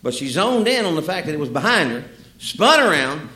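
A man preaching a sermon with folksy, humorous storytelling and lively asides. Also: fairly high pitch, fairly quick. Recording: echoey room.

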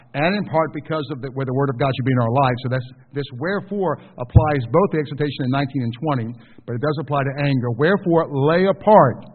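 A man preaching a sermon in a conversational way, asking the congregation questions and acting out the people he quotes. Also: a little high. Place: church. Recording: phone-like sound with long hall reverb.

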